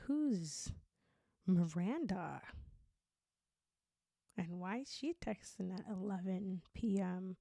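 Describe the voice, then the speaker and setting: Chatty young woman podcaster, mellow tone. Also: lowish voice, no echo, studio quality. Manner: candid, chatty, heavy use of "like". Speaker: podcast host. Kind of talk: casual podcast monologue.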